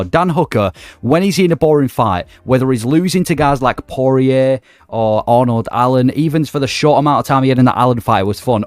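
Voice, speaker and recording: Male vlogger, mid-pitched, rapid casual delivery, emphatic and excitable. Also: no echo. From not Australia. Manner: enthusiastic, emphatic, conversational. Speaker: MMA commentary YouTuber. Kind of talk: casual opinion vlog.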